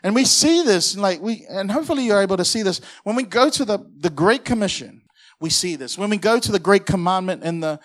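A male pastor preaching a lively sermon, calling on the congregation to shout back responses. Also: high voice, a little fast. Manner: energetic, audience call-and-response.

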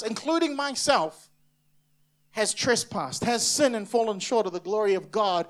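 A pastor from New Zealand preaching an emphatic sermon to a church congregation, now and then acting out other people's voices. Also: male voice, high-pitched.

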